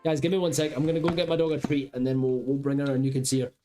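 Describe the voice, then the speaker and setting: Mellow-voiced male streamer chatting. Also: mid-range voice, level tone, rapid-fire, soft background music. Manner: rambling, chatty, thinks aloud to viewers. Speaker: game streamer. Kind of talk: casual live-stream chat.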